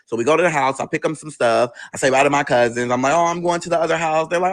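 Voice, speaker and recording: A man's voice: fairly high pitch, quick pace, few pauses, a bit bright. A man candidly recounting a painful personal story, swearing freely and raising his voice to quote others. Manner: candid, profane, quoting others in raised voices. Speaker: guest telling his life story.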